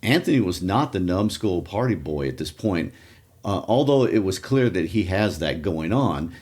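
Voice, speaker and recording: A man's voice: deep voice, sing-song, moderate pace, a little mellow. A man co-hosting a literature podcast, adding wry asides and historical notes. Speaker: podcast co-host.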